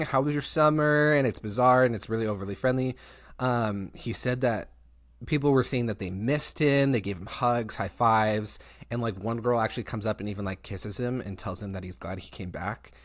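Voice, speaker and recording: A young man hosting a podcast, telling a story in casual chat, animated, laughing often and swearing freely. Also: lowish voice. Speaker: podcast host.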